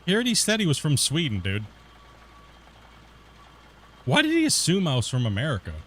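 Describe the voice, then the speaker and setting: A man's voice: on the high side, huge pitch swings, a little fast, fairly bright tone, slight background noise. A young man from the northern US border country with a Pacific Northwest accent and a hint of West Coast Canadian. He hosts a casual gaming stream, talks in loose slang, calls people bro and dude, and laughs a lot. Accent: Pacific Northwest US, with West Coast Canadian touches. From northern US near the Canadian border. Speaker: game streamer.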